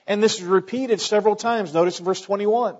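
A man's voice: sits high, a little fast, darkish tone, dull audio. A middle-aged man preaching a sermon in a church, folksy in tone, building emphasis and quoting scripture. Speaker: pastor.

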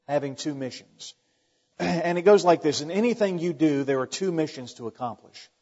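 A pastor preaching a sermon in a conversational way, asking the congregation rhetorical questions and adding joking asides. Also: male voice, a little high, warm tone. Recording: dull long reverb in a large hall.

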